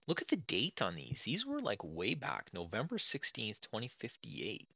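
A man hosting a let's play, chatting to viewers in a chatty, excitable way as he plays an old computer game. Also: lowish voice, moderate pace, creaky, dry recording, lo-fi sound. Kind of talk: casual game commentary.

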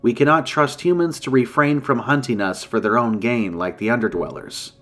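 Casting: male reader as an old, grave she-dragon in a storybook tale, formal and measured, soft music underneath. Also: medium pitch, close to an everyday voice. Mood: solemn. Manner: solemn, measured, formal speech. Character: ancient grave female dragon in human form.

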